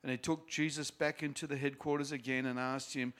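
A man teaching from a Bible passage, reading it aloud in a mid-range voice and then stopping to explain it in a relaxed, chatty way. He sounds like an informal teacher talking straight to his group. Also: mid-range voice, brisk. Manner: casual, explanatory asides. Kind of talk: scripture reading with commentary.

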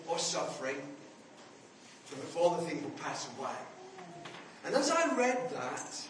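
A man's voice: a little high, heavy reverb, far from the mic, a little hiss or hum, poor audio. A man in his seventies preaching a sermon, telling a personal story earnestly and building to emphatic points. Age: 70s.

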